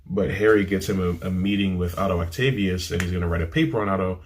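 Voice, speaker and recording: Low-voiced rambling man reviewing a film. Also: quick pace, a little hiss or hum. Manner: rambling, dismissive, full of fillers and restarts. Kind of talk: casual chat. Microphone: camera mic.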